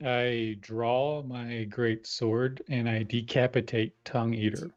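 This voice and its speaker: A man's voice: medium pitch, fairly even intonation, slow pace, dry recording. Casual male tabletop player. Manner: joking, explains rules. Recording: dull lo-fi stream audio.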